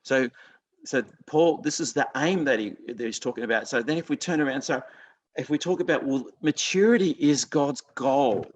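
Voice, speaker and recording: A man's voice: mid-range voice, moderate pace. A man preaching a sermon in an earnest, conversational way, often restarting his sentences. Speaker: pastor.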